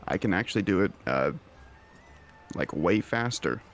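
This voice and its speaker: A man playing a tabletop game in casual chat, easygoing and halting. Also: deep voice, lively intonation, soft background music. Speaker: player. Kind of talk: casual tabletop role-play.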